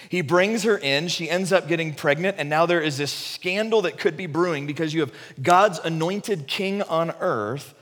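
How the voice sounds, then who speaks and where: Animated male preacher in a reverberant hall. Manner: animated storytelling with throat-clearing and restarts, voices dropping low for emphasis. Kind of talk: conversational sermon.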